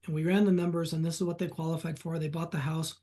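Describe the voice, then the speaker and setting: A man being interviewed on a podcast as a reverse mortgage specialist, telling client stories in an animated way. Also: a little high, fast talker. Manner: animated anecdotes, retelling client conversations.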